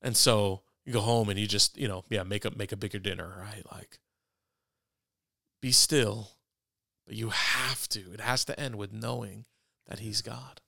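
A man talks casually about faith as a podcast co-host, his voice gravelly with a bright, forward edge. He is self-deprecating and conversational, often restarting his sentences. The sound is close and dry. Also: lowish voice, fairly even intonation, normal speed, dry recording.

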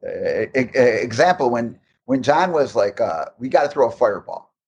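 The audio is dull, with a faint hum, as a man at a middle pitch and moderate pace shares behind-the-scenes stories of game development in a casual interview. He rambles, restarts sentences often, and tells animated anecdotes.

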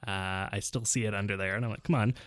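A man, co-hosting a podcast and telling a story in casual, animated chat. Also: fairly low pitch, fast, clean tone, no echo, clean studio sound. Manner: storytelling, animated when quoting. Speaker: podcast co-host.

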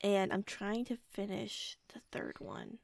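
A woman's voice: mid-range voice, steady tone, slow pace, vocal fry, no room sound, studio quality. A woman in her twenties co-hosting a podcast, teasing with short replies and frequent laughter. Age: 20s. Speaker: podcast co-host. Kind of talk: casual podcast chat.

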